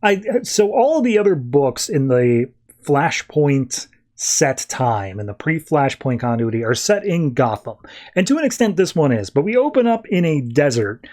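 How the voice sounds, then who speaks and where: A man's voice: fairly high pitch, sing-song, normal speed, darkish tone. A man hosting a podcast, casually recapping and reviewing a story in a loose, rambling way full of fillers. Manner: loose, filler-heavy retelling with frequent "like". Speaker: podcast host.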